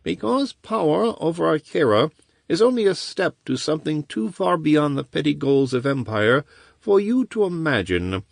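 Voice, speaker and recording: A man's voice: on the high side, big pitch swings, unhurried, dry recording, voice pushed up, full character voice. A man reading an audiobook, voicing a cold, scheming male wizard who speaks dryly and bleakly in a raised voice. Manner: dry and clipped.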